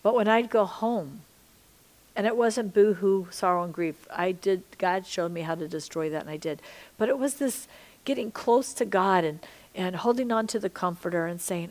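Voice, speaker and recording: Her mid-range voice moves at a moderate pace as this middle-aged Christian minister and teacher delivers an impassioned, sermon-like podcast. She swings between quiet whispers and loud, forceful emphasis.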